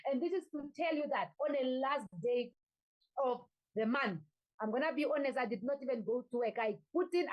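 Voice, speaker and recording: A woman's voice: sits high, a little mellow, rough recording. A woman coach giving a motivational talk to her sales team, urging them with repeated calls to act and focus. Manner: urgent, repetitive exhortation. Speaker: network marketing coach.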